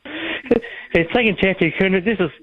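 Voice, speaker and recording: A man from Kentucky with a Kentucky Southern accent calling a talk radio show, talking fast and repeating himself. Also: sits high, big pitch swings, husky, no echo. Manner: fast, hard to follow, repetitive. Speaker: caller. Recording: phone-line call-in audio.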